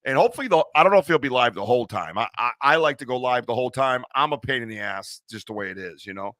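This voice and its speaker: A man hosting a casual live stream, chatty and excitable, with loose restarts. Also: medium pitch, quick pace, no echo. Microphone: streaming setup mic.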